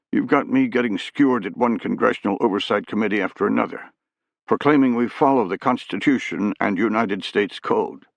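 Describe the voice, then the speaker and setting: A man's voice: lowish voice, gravelly, dry recording, pitched above the performer's own voice. A man voicing an outraged intelligence chief. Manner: indignant, swearing. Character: outraged male intelligence director, middle-aged.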